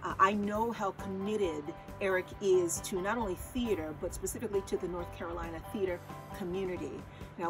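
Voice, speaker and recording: A woman stage performer making an earnest, direct fundraising appeal. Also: medium pitch. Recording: clear music bed. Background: music.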